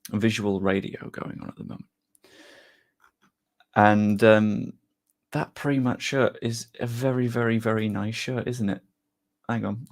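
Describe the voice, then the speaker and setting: A young man, chatting casually to his live-stream viewers before a football match, reading chat aloud and joking at his own expense. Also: on the low side. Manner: chatty, self-deprecating, reads chat aloud.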